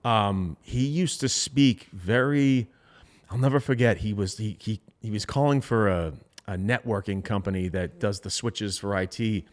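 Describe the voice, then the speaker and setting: A man's voice: fairly low pitch, unhurried. A young man co-hosting a casual podcast chat, telling stories and acting out the voices of people he quotes. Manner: animated storyteller who acts out quoted voices. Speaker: podcast co-host.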